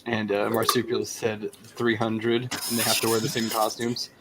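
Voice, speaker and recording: A man's voice: on the low side, monotone, normal speed, heavy background noise. A man co-hosting a live stream in casual chat, rambling and searching for words as he tells a story. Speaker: co-host.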